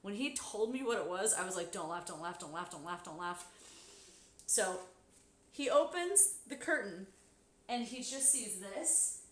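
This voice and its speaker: A woman telling a story in casual chat while sewing on a live stream, swearing freely and bursting into loud, high exclamations. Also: animated, measured pace. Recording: echoey room.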